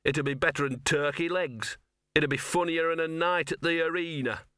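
A man voicing a scruffy, wheezing old male talking dog, gruff and sardonic. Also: a little high, fairly even intonation, normal speed, bright, forceful tone, no room sound, clean studio sound, voice pushed up.

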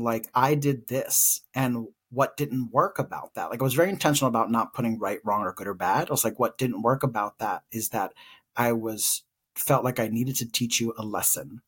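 A young man with a slightly husky, breathy voice recounts a personal story as a podcast co-host. He speaks earnestly and reflectively, his voice carrying open emotion as he works through a painful memory. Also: mid-range voice, normal speed, fairly bright tone.

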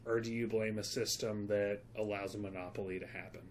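A man's voice: on the low side, flat delivery, fairly quick, slight background noise. A man co-hosting a casual film podcast, talking in an earnest, rambling, opinionated way. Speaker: podcast co-host.

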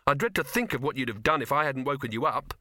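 A man's voice: medium pitch, animated, fast talker, sharp tone, no room sound, studio quality. A man reading aloud and voicing an earnest, reassuring young man in an audiobook. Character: earnest young man, trying to stay brave.

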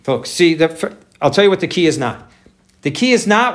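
A man's voice: on the high side, sing-song, a little fast. A pastor preaching a conversational sermon, talking to his listeners directly and calling them folks.

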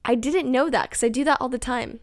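A woman's voice: sits high, fairly quick. A young woman hosting her own podcast, chatting casually and rambling with lots of "like"s, joking at her own expense. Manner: chatty, rambling, self-mocking, many "like"s. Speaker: podcast host. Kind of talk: casual solo podcast chat.

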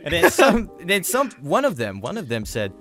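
A man hosting a casual chat, telling stories in an animated, halting way with many restarts. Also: fairly high pitch, faint music behind.

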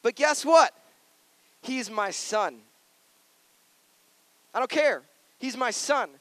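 High-voiced playful pastor man. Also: expressive, slow pace, a bit bright, no echo. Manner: playful, conversational, earnest. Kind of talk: sermon.

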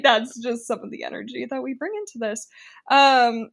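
A woman's voice: on the high side, steady tone, normal speed, creaky. Giggly young woman podcast co-host. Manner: playful, giggly, chatty. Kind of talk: casual chat.

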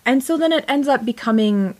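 A woman's voice: high-pitched, animated, brisk. A woman co-hosting a podcast in casual chat, rambling and searching for words with many fillers. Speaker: podcast co-host. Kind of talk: casual chat reviewing a TV series.

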